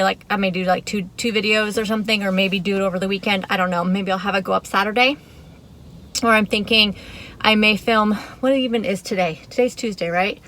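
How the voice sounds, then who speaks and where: A woman's voice: mid-range voice, fairly bright tone. A woman talking casually to her camera in a vlog, chatty and rambling, with fillers and restarts. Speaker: vlogger.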